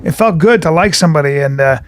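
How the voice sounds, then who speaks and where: A man in his forties or older co-hosting a podcast, telling stories in a casual, animated way, acting out other people's voices and swearing freely. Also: fairly high pitch, fast. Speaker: podcast co-host. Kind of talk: casual storytelling chat.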